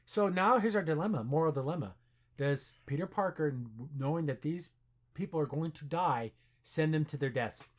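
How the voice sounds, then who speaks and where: A man's voice: on the high side, normal speed. A man in casual podcast chat, reviewing a movie and retelling its scenes with quoted lines. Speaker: podcast host.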